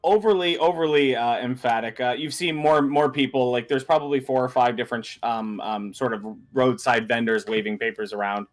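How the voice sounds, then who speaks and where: A man's voice: medium pitch, brisk, few pauses. A man narrating as game master in a casual online tabletop session, rambling with fillers.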